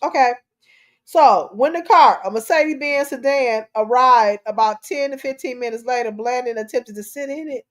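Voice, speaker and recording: A woman's voice: sits high, normal speed. A middle-aged woman hosting a talk show, giving emotional commentary on a news story, preachy and impassioned and repeating herself.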